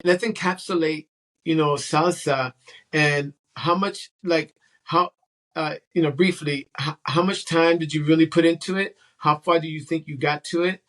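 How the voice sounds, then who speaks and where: An interview host speaking at a middle pitch who works slowly toward a question, hesitating and restarting as he goes. Between turns he backs the guest up with brief acknowledgements. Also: fairly even intonation, fairly bright tone. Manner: hesitant, many fillers and restarts, frequent brief backchannels. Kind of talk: casual interview.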